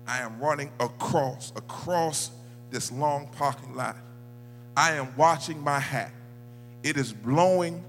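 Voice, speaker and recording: A male preacher delivering a sermon, telling a story quietly, then rising into shouted, sung calls. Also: mid-range voice, big-room sound. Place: church sanctuary.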